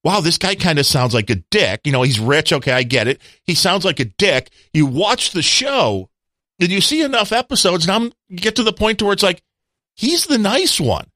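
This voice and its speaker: A man's voice: sits high, very animated, normal speed, bright, forceful tone, dry recording, studio quality. A man co-hosting a podcast, chatting casually and joking with rambling asides. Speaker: podcast co-host. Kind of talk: casual chat.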